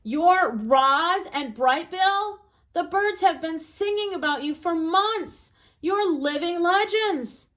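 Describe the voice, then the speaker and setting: Lady reading a book, doing a squeaky excited skunk girl, folksy and chatty, way up high. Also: a little slow. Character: friendly chatty female skunk, excitable and hospitable. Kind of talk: storybook reading.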